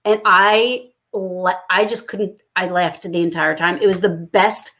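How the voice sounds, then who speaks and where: A woman's voice: on the low side, steady tone, a little slow, fairly bright tone. A woman hosting a casual chat, talking in a rambling, chatty way and laughing often. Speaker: host.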